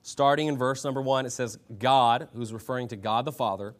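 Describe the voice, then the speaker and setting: A man preaching a sermon as pastor, forceful, rising loud when he reads scripture, and clearing his throat often. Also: mid-range voice, a little fast, hardly any pauses.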